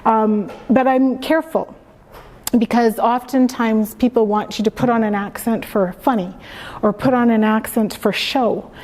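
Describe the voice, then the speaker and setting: A woman from Canada reading her own book aloud in a slow, measured way, then answering questions thoughtfully. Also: on the high side, steady tone, darkish tone. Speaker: author. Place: library event room. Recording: long hall reverb.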